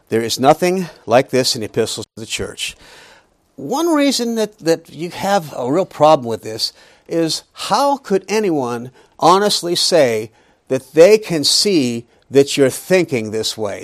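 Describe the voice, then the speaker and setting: A man's voice: a little high, dry recording, studio quality. A middle-aged man teaching a Bible lesson in an emphatic preaching style, with humorous asides.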